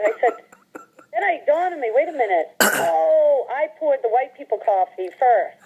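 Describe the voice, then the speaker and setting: A woman's voice: high-pitched, lively intonation, normal speed, warm tone, low-quality recording. A middle-aged woman telling casual anecdotes in a chatty way, often laughing and quoting people. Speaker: storyteller.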